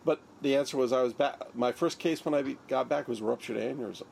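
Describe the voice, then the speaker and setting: A man's voice: mid-range voice, fairly quick, gravelly, darkish tone, slight background noise. An older man, a surgeon, recounting his story in an interview, acting out the lines of others. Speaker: interviewee, neurosurgeon.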